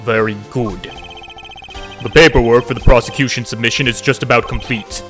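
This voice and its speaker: A man's voice: mid-range voice, steady tone, brisk, music in the background, pitched below the performer's own voice, close to an everyday voice. A man voicing a stern older male mentor prosecutor who demands perfection, reading game dialogue aloud. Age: 60s. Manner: commanding, demanding.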